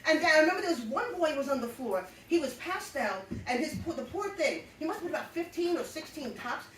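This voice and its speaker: High-voiced new lady spinning a salty story live, roomy echo, mic kinda far off. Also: quick pace. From New York. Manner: animated, laughing often, blunt and salty. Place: live show venue.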